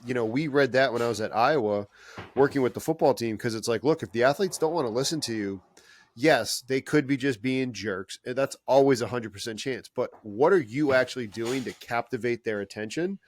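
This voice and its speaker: A man's voice: medium pitch, a little fast, slight background noise. A man hosting a podcast, speaking earnestly and giving motivational advice straight to his listeners. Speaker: podcast host. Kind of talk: casual podcast chat.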